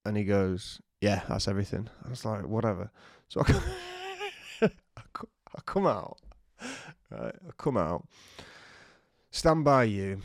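A man co-hosting a podcast, telling a lively anecdote, acting out quotes and laughing often. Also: lowish voice, slow, pauses often, dry recording, studio quality. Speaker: podcast co-host. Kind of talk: casual storytelling chat.

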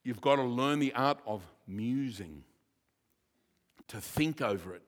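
A man who is a church pastor, preaching a sermon with jokes and lively asides. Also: medium pitch, measured pace. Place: church hall. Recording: reverberant church hall.

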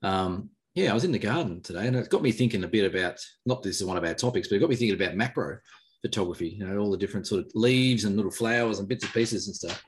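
Guy in his thirties, co-host, rapid easygoing delivery, lower voice. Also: expressive. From Australia. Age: 30s. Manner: quick, jokey, laughs easily. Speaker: podcast co-host. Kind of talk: casual live-stream chat. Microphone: video call.

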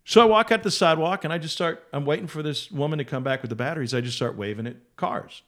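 A man's voice: fairly high pitch, quick pace, fairly bright tone. A man telling a funny story on a podcast in a casual way, acting out other people's voices as he goes. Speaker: podcast guest.

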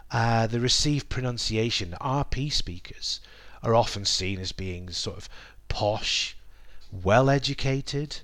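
A man hosting a solo educational podcast for English learners, talking in a measured, explanatory way with the odd "um". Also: medium pitch, a bit bright, dry recording. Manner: measured, explanatory, with occasional ums. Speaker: podcast host teaching English. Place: based in the UK.

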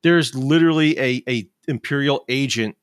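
A man's voice: medium pitch, moderate pace, clear, resonant tone, no echo, clean studio sound. Ranting man in his fifties. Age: 50s. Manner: frustrated, ranting, swears freely. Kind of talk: casual chat.

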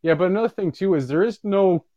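Brief: a sweary Canadian podcast guest, pitched a bit high, dry and muffled. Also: male voice, quick pace, warm tone, no room sound. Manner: blunt, profane, laughs easily. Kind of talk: casual chat.

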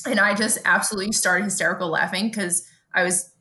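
Animated Brooklyn woman podcast host. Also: medium pitch, fast. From Brooklyn, New York. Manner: animated storytelling, swearing freely. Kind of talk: casual chat.

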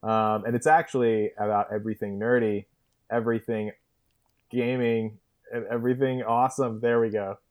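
A man's voice: lowish voice, little pitch movement, moderate pace, phone-quality sound. A man hosting a casual gaming podcast, joking and laughing often as he talks. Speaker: podcast host.

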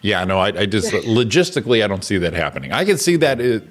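A man's voice: on the low side, very animated, fast. A man hosting a morning show, bantering casually and laughing often. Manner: laughs often, swinging playful delivery. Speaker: radio show host.

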